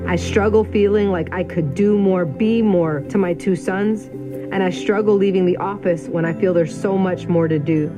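A woman in her thirties speaks in a measured, declarative tone, reading a scripted ad narration. Her voice sits a little low. Clear music plays underneath her. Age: 30s. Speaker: spokeswoman in a recruitment ad.

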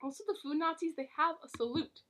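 A woman's voice: high voice, quick pace, fairly bright tone. A woman casually recapping a movie plot for a co-host, rambling and giggling, with lots of fillers and restarts. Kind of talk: casual chat.

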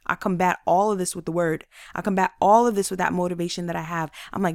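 Energetic woman with a faith-based motivational monologue, voicing doubts in asides, recorded dry. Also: fairly low pitch, creaky, no echo. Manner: energetic, acts out inner voices in quick asides. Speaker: motivational speaker.

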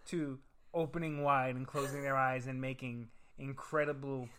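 A man's voice: medium pitch, little pitch movement, normal speed, a bit bright. A man co-hosting a casual chat, laid-back, often chiming in with short agreeing replies. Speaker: podcast co-host.

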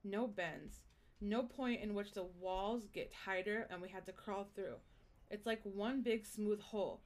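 A woman's voice: medium pitch, measured pace, darkish tone, natural voice. A woman voicing a curious middle-aged father exploring a cave, eager and encouraging, in a storytelling podcast reading. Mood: wondering.

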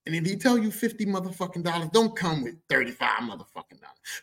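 A man telling a comic story on his podcast, animated and profane, repeating lines for emphasis. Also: high-pitched, fast talker. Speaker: podcast host.

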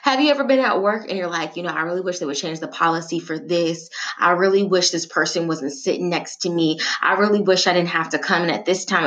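A woman giving a prayer and a sermon-style talk, chatty and animated, with slang and asides. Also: fairly low pitch. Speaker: devotional speaker. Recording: dull lo-fi sound with faint music.

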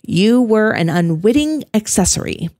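A woman voicing a steady, practical man who speaks flatly and firmly. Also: medium pitch, normal speed, no room sound, clean studio sound, soft background music, voice pushed up, close to an everyday voice. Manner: flat, firm. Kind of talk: audiobook character voice.

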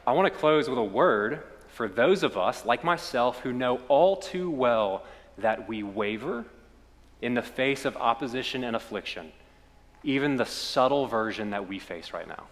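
A male pastor with a Kentucky accent preaching a sermon, telling stories that swell and then drop to a hush. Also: medium pitch, lively intonation, moderate pace, big-room sound. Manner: storytelling preacher, swells then drops to quiet.

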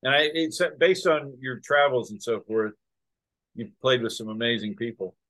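A man hosts a podcast in a casual storytelling chat, speaking in a mid-range voice at a moderate pace. He's an animated storyteller who acts out the quotes.

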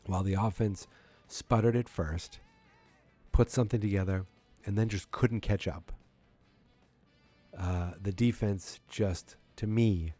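A man's voice: on the low side, dark tone, no echo. A man hosting his own sports podcast late at night, tired and yawning, ranting in a dejected, sarcastic way with some swearing. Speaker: podcast host. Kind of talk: solo sports podcast rant.

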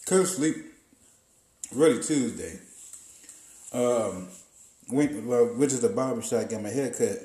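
Profane, roomy-sounding podcast storyteller man. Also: medium pitch. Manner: profane, animated storyteller acting out quotes. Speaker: podcast host. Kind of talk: profane comic storytelling monologue. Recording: roomy echo.

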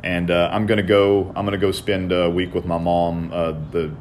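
A man's voice: low-pitched, moderate pace, slight background noise. Profane man telling stories. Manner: profane, animated storytelling. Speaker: podcast co-host. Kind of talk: casual chat.

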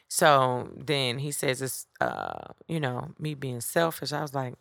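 A woman with a low, gravelly voice tells a story in a casual solo podcast. She is candid and profane, talks straight to her listeners with plenty of sass, and sounds close and dry on the mic. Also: wildly swooping pitch, measured pace, few pauses, a bit bright, no room sound. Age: adult with children. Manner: sassy, speaks straight to listeners. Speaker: podcast host.

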